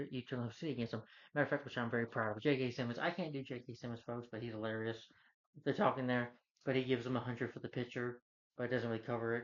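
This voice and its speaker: A man talks through a movie in a loose, rambling, eager way, with a middle-pitched voice. The audio is dull and muffled, like a lo-fi home recording. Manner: rambling, enthusiastic plot retelling. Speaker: film reviewer. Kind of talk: casual film review.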